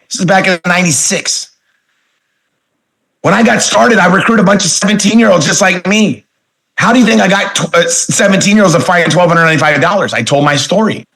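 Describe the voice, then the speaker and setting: A man in his forties runs a motivational sales training, his voice bright and forceful and pitched a little high. He talks emphatically, tosses rhetorical questions at the room, and stretches words to show off inflection. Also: lively intonation, brisk, poor audio. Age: 40s. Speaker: network marketing speaker trainer.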